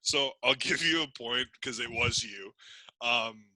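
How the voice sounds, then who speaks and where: A man's voice: medium pitch, measured pace, sharp tone, no echo, low-quality recording. A man hosting a comedy game show, laughing often and stumbling over his words in casual banter. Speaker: podcast host running a party game.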